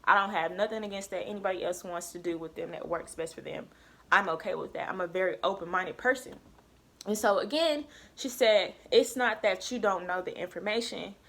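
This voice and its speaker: Young woman vlogger, emphatic casual storytime, mid-pitched voice. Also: brisk. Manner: emphatic, lively retelling with quoted dialogue.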